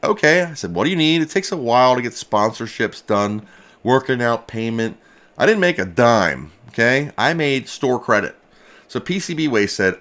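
A man chats through a casual livestream from his home workshop. His voice moves around a lot in pitch as he reacts to each package. He sounds excitable and loose, with the occasional mild swear. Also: normal speed. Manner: excitable, chatty, swears mildly. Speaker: retro computer restoration channel host. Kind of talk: casual livestream mail-opening chat.

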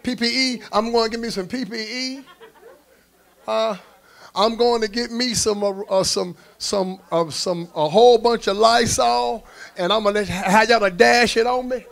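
A man preaching a sermon, leading call-and-response and rising to shouts. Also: high voice, moderate pace, gravelly. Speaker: pastor. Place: church sanctuary.

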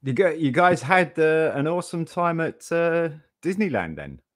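A man's voice: a little high, sing-song, normal speed, dry recording. A man joining a livestream as a guest, chatting in an easygoing, friendly way and asking questions. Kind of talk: casual chat.

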